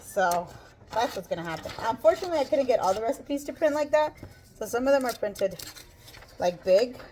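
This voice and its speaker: A woman's voice: a little high, expressive, a little fast, darkish tone, a little hiss or hum. Breathless chatty woman vlogger. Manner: chatty, rambling, self-joking. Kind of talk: casual chat. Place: home kitchen.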